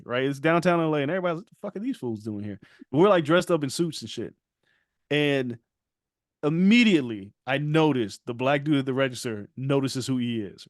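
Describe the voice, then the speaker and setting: This podcast co-host's voice sits on the high side, captured at studio quality with no echo. He spins a story in relaxed conversation, performing the quotes himself and breaking into frequent laughter.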